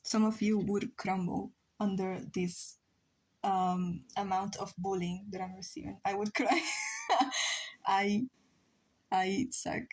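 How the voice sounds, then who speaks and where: A young woman whose first language is Spanish chats on a drawing stream at a slow, unhurried pace. She sits close to a desk mic at home, and her voice sits at a middle pitch. She jokes about herself and fills pauses with ums. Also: little pitch movement, a little mellow. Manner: chatty, self-mocking, frequent ums and laughs. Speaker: livestreamer. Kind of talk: casual stream chat reading chat messages.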